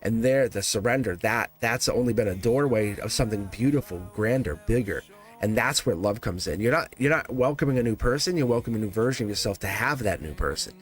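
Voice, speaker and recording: A man's voice: fairly low pitch, expressive, a little fast. A man hosting a live tarot reading in casual spiritual talk, rambling and repeating phrases, chuckling often. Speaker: tarot reader livestream host.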